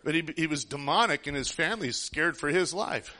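Bright-voiced man preaching through a story. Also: on the high side, lively intonation, brisk. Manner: earnest, rambling, with frequent restarts. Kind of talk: sermon storytelling.

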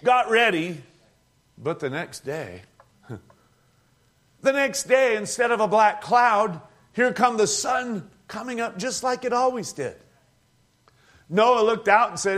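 High-voiced chuckling older preacher man. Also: expressive, slow pace, long pauses, fairly bright tone. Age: 60s. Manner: folksy, chuckles often, plain country grammar. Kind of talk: storytelling sermon.

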